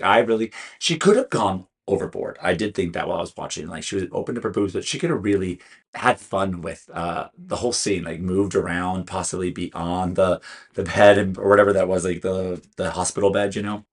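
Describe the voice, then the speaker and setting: A man giving a casual, opinionated recap of a show, chatty and frank, with frequent fillers. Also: sits low.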